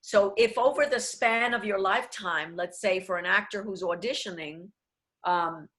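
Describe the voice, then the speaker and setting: Bright-voiced woman coaching diction. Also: mid-range voice, moderate pace. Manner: explanatory, switches into Spanish phrases. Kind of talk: online workshop talk.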